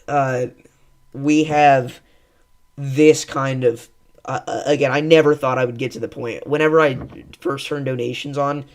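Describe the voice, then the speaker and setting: Young male stream host, loose casual chat, rambling thank-yous, mid-pitched voice. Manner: rambling, thankful, laughs with co-hosts. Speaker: weather livestream host.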